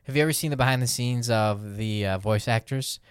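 A man co-hosting a casual podcast who talks fast and bluntly. He gets exasperated easily and swears now and then. The sound is dry and close. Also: medium pitch, clear, resonant tone, no echo. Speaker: podcast co-host.

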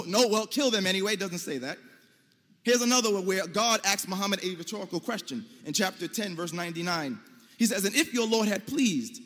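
An American man giving an emphatic debate speech to an audience, pressing his points and rising to near-shouts. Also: high voice. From United States. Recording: long hall reverb.

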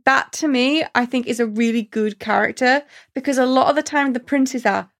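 A woman's voice: sits high, moderate pace, hardly any pauses. A woman in a casual chat, talking enthusiastically and acting out quotes in different voices.

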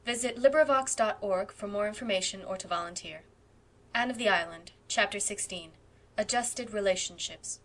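Woman reading an old novel aloud, measured and expressive, mid pitch. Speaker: audiobook reader. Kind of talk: scripted narration.

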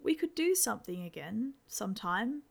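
Woman reader playing a shy, stammering teen boy, slightly gravelly voice. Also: mid-range voice, big pitch swings, moderate pace. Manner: stammering, nervous. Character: nervous, awkward teenage boy.

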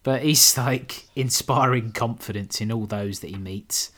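A man's voice: mid-range voice, a little slow, fairly bright tone. A man co-hosting a podcast, recapping a film in casual chat with dry sarcasm, swearing and laughing as he goes. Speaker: podcast co-host.

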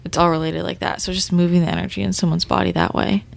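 A woman's voice: fairly low pitch, little pitch movement, fast, creaky. A woman hosting a casual podcast conversation, asking curious questions with lots of "like" and brief agreeing sounds.

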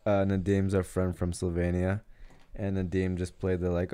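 A man's voice: deep voice, monotone, moderate pace, dark tone. A man chatting casually as a podcast guest, laid-back and hesitant with many fillers. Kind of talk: casual chat.

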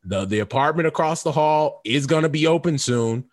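A man co-hosting a podcast, telling stories in casual banter and often breaking into high squeals and laughs. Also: normal speed. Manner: animated storyteller, jumps into high squeals and laughs. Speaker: podcast co-host.

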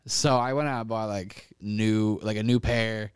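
Young guy for loose podcast chat: smooth clear voice, dry close sound, profane and rambling. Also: lowish voice, steady tone, a little slow, dry recording. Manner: rambling, profane, heavy with "like" fillers, laughs often. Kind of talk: casual chat.

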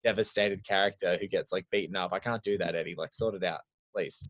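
A man co-hosting a casual film podcast, talking in long, rambling, animated stretches full of "like". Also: deep voice, fast talker. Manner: rambling, animated, heavy use of "like". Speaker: podcast co-host.

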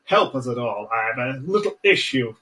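A man's voice: medium pitch, very animated, normal speed, fairly bright tone. A man voicing a fussy, pompous male gnome who stammers and wheedles in a self-important way. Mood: flustered pleading.

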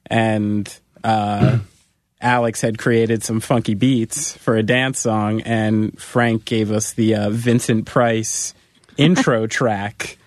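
A man's voice: fairly low pitch, fairly even intonation, slow pace, no echo, clean studio sound. A man hosting a casual podcast interview, joking and laughing easily. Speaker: podcast host.

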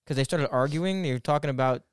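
Dry-humored podcast guy, laughs a lot, clear and close. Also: on the high side, fast talker, dry recording. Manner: wry, laughing. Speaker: podcast co-host. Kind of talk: casual movie review chat.

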